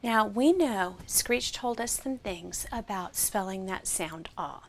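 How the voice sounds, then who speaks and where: Woman teacher, slow and patient, a touch of vocal fry, sounds out letters clearly. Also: mid-range voice, lively intonation, a little hiss or hum. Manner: slow, clear, encouraging, sounds out each vowel. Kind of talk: interactive phonics lesson.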